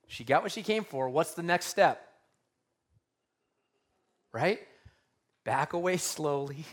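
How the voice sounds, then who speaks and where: A male pastor preaching a conversational sermon, acting out the scenes as he tells them. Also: fairly high pitch. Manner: animated, conversational, acts out scenes.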